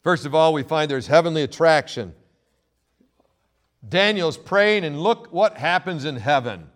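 A male pastor preaching a sermon, reading scripture and swinging between loud emphatic quotes and quiet asides. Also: a little high, animated, measured pace.

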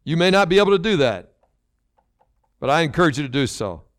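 A man's voice: on the high side, big pitch swings, a little fast, no echo, clean studio sound. An older man preaching a sermon as pastor, earnest and repeating phrases for emphasis.

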